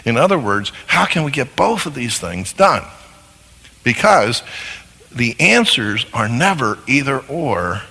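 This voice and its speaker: A man's voice: mid-range voice, very animated, measured pace, bright, forceful tone, husky. A man teaching a lesson on marriage who often asks his listeners rhetorical questions. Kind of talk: lecture on marriage. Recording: long hall reverb.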